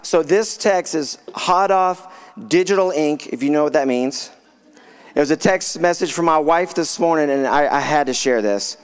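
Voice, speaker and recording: A man with a notably high-pitched voice preaches to a congregation. He is fired up, telling stories and calling out to the crowd with growing excitement. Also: normal speed, clean tone. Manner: fired up, exclaiming and storytelling. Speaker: guest preacher. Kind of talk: sermon to a live congregation.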